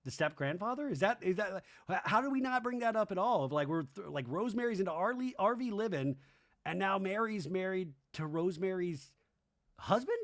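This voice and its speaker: A man's voice: high-pitched, lively intonation, fairly quick, a bit bright. A man hosting a podcast, recapping a reality show in a rambling, incredulous way with lots of asides. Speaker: podcast host.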